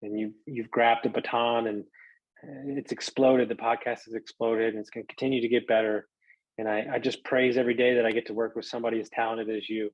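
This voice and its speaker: Husky, emotional male podcast host. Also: medium pitch, level tone, fairly quick, no room sound, lo-fi sound. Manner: emotional, earnest, casual swearing. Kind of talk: heartfelt thank-you monologue.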